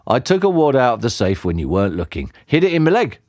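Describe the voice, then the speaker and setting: A man's voice: medium pitch, big pitch swings, fast talker, a little mellow, no echo, studio quality. A man reading aloud, voicing a cheeky, affectionate working-class dad who calls everyone mate.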